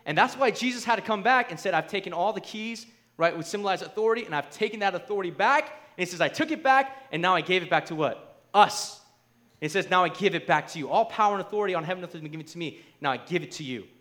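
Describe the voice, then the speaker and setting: A man with a high voice preaches a sermon. He talks conversationally, often checking in with his listeners, and drives his points home with rising, emphatic force. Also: lively intonation, quick pace. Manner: emphatic, rising to near shouts; conversational, asks the crowd "right?".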